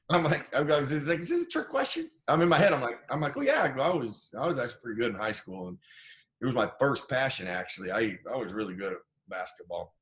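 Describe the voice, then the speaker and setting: A man's voice: mid-range voice, very animated, brisk, a bit bright. A middle-aged man from Idaho, guesting on an interview show and spinning stories from his playing days. He talks casually and with animation, slipping into the voices of the people he quotes. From Idaho, USA. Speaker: guest, former football player.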